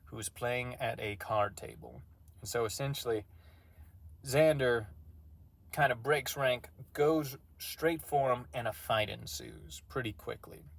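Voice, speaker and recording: A man's voice: medium pitch, gravelly. A man casually recapping a tabletop game session as game master, rambling and self-deprecating.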